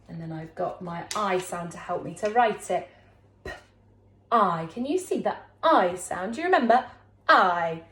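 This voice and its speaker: Infant teacher, female, slow and lilting, fairly high, echoey room. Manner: slow, sing-song, encouraging teacher talk with big pitch swings. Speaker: primary school teacher. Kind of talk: recorded classroom lesson for young children.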